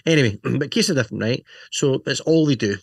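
A man's voice: mid-range voice, quick pace, creaky, breathy edge, no echo, studio quality. A man co-hosting a casual chat, rambling and joking, often asking "right?". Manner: jokey, rambling, lots of "you know" and "right?". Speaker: podcast co-host. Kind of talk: casual chat about motorcycle gear.

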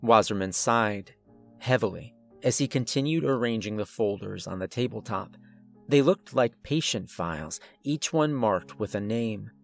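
A man narrating a first-person horror story in a tense, steady scripted delivery. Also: on the low side, a little slow, vocal fry, soft background music.

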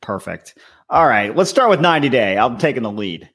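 A man's voice: medium pitch, very animated, brisk, fairly bright tone, slightly rough. A man co-hosting a casual podcast who talks in a blunt, profane way. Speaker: podcast co-host. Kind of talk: casual chat.

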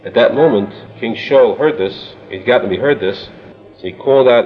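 A man teaching as he retells a scripture story in a measured way, voicing the quoted speakers himself. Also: medium pitch, big-room sound. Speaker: Torah teacher. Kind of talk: storytelling lesson. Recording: dull lo-fi recording.

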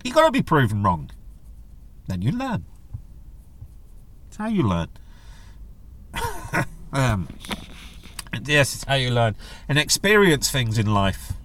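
A man's voice: medium pitch, wildly swooping pitch, slow pace, long pauses, a bit bright, a little hiss or hum. A middle-aged man, hosting a casual solo podcast in a jokey, rambling manner. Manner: chatty, jokey, does silly voices when quoting others. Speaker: podcast host.

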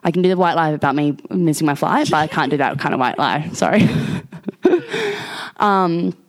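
A young woman, co-hosting a podcast and telling a long story in animated, casual chat, with lots of swearing and laughing. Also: sits low, moderate pace. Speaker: podcast co-host.

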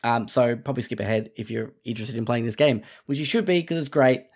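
A man's voice: medium pitch, fast talker, a little mellow. Man, casual gaming chat, filler-heavy, laughs a lot. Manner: rambling with fillers, laughs often. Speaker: podcast host.

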